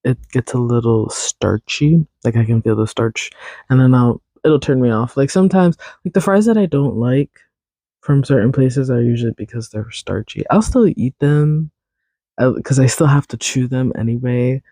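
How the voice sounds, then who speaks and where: Gravelly, dark-voiced man chatting casually. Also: medium pitch, normal speed, no echo. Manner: rambling, chatty, self-teasing, laughs often. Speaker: podcast host. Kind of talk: casual solo podcast chat.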